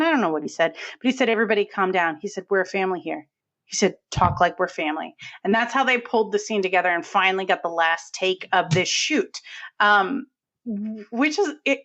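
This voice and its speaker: A woman co-hosting a film podcast in casual chat, animated and acting out movie lines. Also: medium pitch, muffled recording. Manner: animated, acts out movie lines in character voices. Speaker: podcast co-host.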